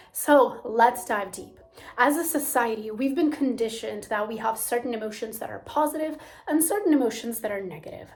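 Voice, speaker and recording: Brief: young woman coach, soft and hushed, fairly high voice, slow gentle teaching. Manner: soft-spoken, drops to near whispers. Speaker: spiritual coach and channel host.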